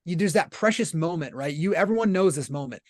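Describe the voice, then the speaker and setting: A man's voice: on the high side, lively intonation, brisk, dry recording, clean studio sound. A man being interviewed as a podcast guest, explaining his ideas in an earnest, conversational way and often checking in with "right?". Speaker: podcast guest, business leader.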